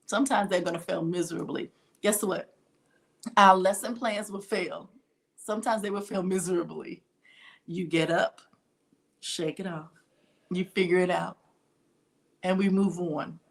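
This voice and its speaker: A middle-aged woman teacher talks straight to her viewers in a casual daily vlog. She is animated and laughs often. She slips into the voices of the people in her stories as she tells them. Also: medium pitch. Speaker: education vlogger and teacher.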